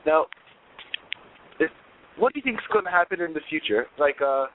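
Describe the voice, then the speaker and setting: A man's voice: a little high, animated, normal speed. Earnest male caller over a phone line. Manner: earnest, questioning. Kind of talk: call-in radio chat.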